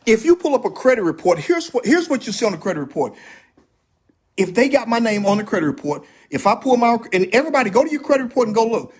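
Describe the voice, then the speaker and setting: His very high, husky voice has a sing-song lilt and a quick pace. He's a man hosting a relaxed livestream on repairing credit, insistent, repetitive, and speaking directly to his viewers.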